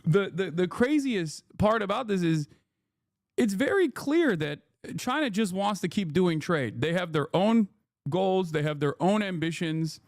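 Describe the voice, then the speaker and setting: A man's voice: high voice, lively intonation, unhurried, no echo, clean studio sound. A man streaming his reactions to a news clip, swearing and sarcastic, slipping into mocking voices when he quotes others. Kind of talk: casual political commentary.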